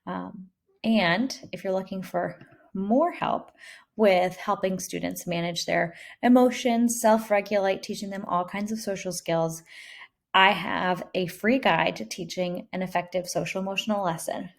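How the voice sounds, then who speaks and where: A woman's voice: medium pitch, fairly even intonation, unhurried, vocal fry. A kindergarten teacher, a woman, gives practical classroom advice in a reassuring, casual way.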